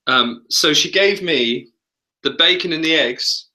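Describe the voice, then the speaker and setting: A man's voice: fairly high pitch, unhurried, pushed and bright. A man, a vocal coach, chatting casually on a webinar and laughing often.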